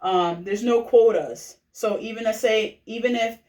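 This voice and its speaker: A woman who recruits for direct sales gives a casual personal testimonial pitch, chatty and full of fillers, often checking in with listeners by asking "right?" Her slightly high, darkish-toned voice is distant from the mic and echoes around a reverberant room.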